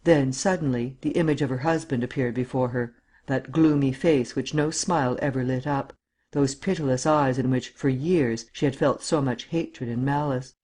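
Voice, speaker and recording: A male audiobook narrator who reads a classic adventure novel in a steady, measured way. He has a middle-pitched voice and lifts the characters' lines into small acted moments. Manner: measured storytelling, acting out the dialogue.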